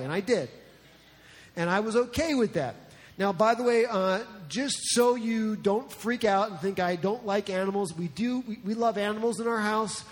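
A man's voice: high voice, normal speed. A man from New Jersey preaching a sermon as a pastor, in a conversational, joking way. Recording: long reverb in a large hall.

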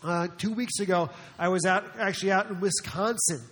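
A man from New Jersey preaches with a high, light voice, chatting his way through the sermon and slipping in jokes. The sound carries a long reverb from the sanctuary. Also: fairly quick, fairly bright tone. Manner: conversational, joking asides, acts out quotes. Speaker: pastor.

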